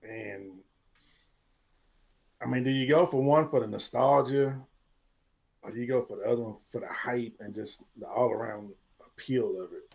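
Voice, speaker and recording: A man's voice: mid-range voice, normal speed, gravelly, long pauses, darkish tone. A man on a casual panel, deliberating aloud and torn between choices.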